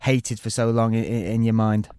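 A man's voice: lowish voice, little pitch movement, moderate pace, a little mellow, clean tone, dry recording, studio quality. A man co-hosting a podcast, chatty and teasing in casual banter. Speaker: podcast co-host.

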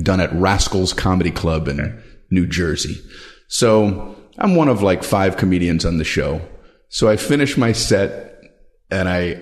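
Brief: male comedian, lowish voice, thoughtful and halting, self-deprecating. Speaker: stand-up comedian, guest. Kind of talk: reflective interview answers.

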